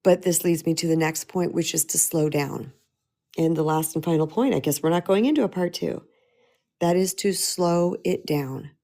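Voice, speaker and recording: A middle-aged woman talks as a spiritual empowerment coach, earnest and emphatic. Her voice sits a little low, and she leans on repeated phrases to drive her point home. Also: normal speed, mellow. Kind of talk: motivational talk.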